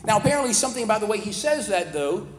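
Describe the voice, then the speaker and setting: A man's voice: sits high, expressive, very fast. A man giving a plain-spoken, conversational Bible lesson, explaining the text as he goes. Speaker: Bible teacher. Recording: echoey hall with long reverb.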